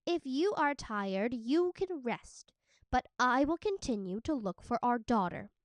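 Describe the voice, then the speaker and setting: Storybook mother, tired but stubborn, firm and fierce, as a woman reader puts her on, clear voice. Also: a little high, expressive, a little slow, dry recording. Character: weary, stubborn mother searching for her daughter.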